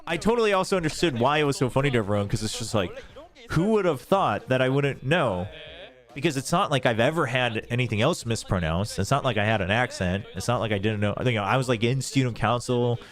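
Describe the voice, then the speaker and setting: A man's voice: medium pitch, a bit bright. A young man hosting an esports watch party, chatting casually and laughing at himself with lots of restarts. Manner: self-deprecating, laughs often, rambling restarts. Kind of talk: casual chat.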